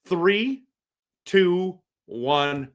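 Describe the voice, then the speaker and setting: A man's voice: sits high, lively intonation, extremely slow. A man hosting a casual live stream, reacting to a hockey game and reading viewer comments, rambling and repeating himself. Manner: rambling, repeats himself, reads chat aloud. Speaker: livestream host.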